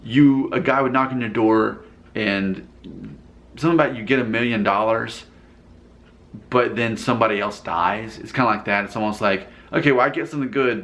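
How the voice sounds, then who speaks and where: Guy rambling through viewer comments on his vlog, kinda low voice, laughs easy. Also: moderate pace, a bit bright. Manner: chatty, rambling, breaks into laughter. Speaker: vlogger reacting to viewer comments. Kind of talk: casual unscripted commentary.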